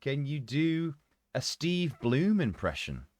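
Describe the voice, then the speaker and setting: A man hosting a casual chat, playful and teasing, with a resonant, gravelly voice. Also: on the high side, sing-song, takes it slowly, darkish tone, dry recording. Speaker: host.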